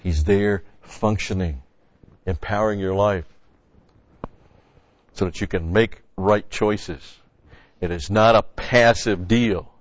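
A man's voice: on the low side, slow pace, pauses often. A man preaching a sermon-style Bible teaching in a conversational, folksy way, repeating key phrases. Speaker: pastor. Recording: dry, dull lo-fi sound.

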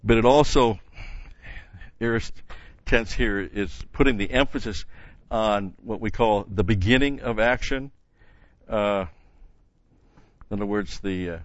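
A man's voice: fairly low pitch, fairly bright tone, dry recording, lo-fi sound. A man teaching a Bible study in an earnest, emphatic way, stopping often with "uh" and restarting phrases.

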